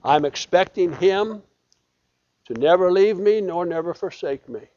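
High-voiced folksy male preacher. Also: a little slow, darkish tone, muffled recording. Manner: folksy, emphatic preaching with repeated phrases. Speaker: pastor. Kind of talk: sermon.

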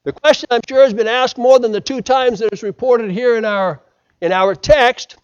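Male preacher, from the United States, high voice, swings loud to hushed, muffled lo-fi recording. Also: normal speed, clean tone. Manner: dramatic swings from loud to hushed, acting out quotes. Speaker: pastor. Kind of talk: sermon.

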